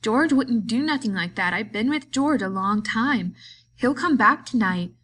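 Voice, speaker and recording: A woman voicing a big, simple, frightened man-child who talks in a pleading, halting, repetitive way. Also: mid-range voice, fairly bright tone, a little hiss or hum, lightly acted.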